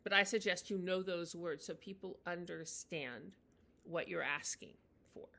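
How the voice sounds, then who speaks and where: A woman teaching in a chatty, unscripted way, with many fillers and restarts, slowing down to model phrases. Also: fairly low pitch, vocal fry, sharp tone. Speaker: language teacher. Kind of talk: casual spoken lesson.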